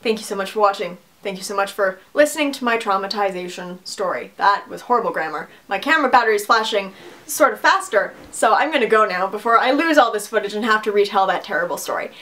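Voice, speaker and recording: A young woman telling a story to her camera at home, sarcastic and animated, breaking into laughs. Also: medium pitch, fast talker. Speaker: vlogger. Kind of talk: casual storytime vlog. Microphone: camera mic.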